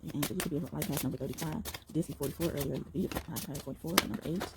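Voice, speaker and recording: A young woman with a fairly low voice runs through a tarot reading at a rapid clip, gushing and rambling with frequent exclamations and casual slang. Clear background noise runs under her voice throughout the recording. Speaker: tarot reader.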